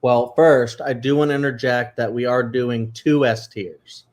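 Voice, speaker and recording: A man co-hosting a casual chat show, rambling with many fillers, excitable and a little emotional. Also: mid-range voice, unhurried. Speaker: co-host.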